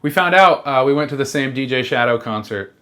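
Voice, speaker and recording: A trans person in a rambling comedic monologue, halting and sincere, with lots of fillers, restarts and casual swearing. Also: medium pitch, lively intonation, a bit bright. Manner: swears freely.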